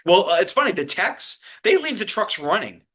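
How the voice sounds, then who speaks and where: Male podcast host, bright and animated, sarcastic joking rants. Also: sits high, moderate pace, husky. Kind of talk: casual chat.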